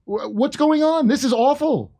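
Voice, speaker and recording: A man's voice: extremely high pitch, moderate pace, warm tone. A male guest comedian in a casual comedic chat, joking wryly and asking rhetorical questions.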